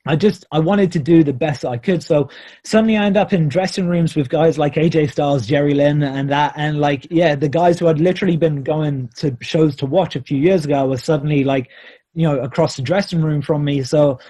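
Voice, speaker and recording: A man's voice: a little high, fairly even intonation, fairly quick, warm tone. A man, a pro wrestler, talking casually on a podcast, reflective and rambling with many fillers.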